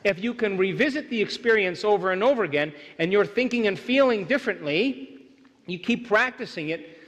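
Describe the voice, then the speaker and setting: A man's voice: a little high, fairly bright tone. A middle-aged man lecturing a live audience, emphatic and often asking them to agree. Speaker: workshop speaker. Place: large hall with audience. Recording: hall reverb, live venue.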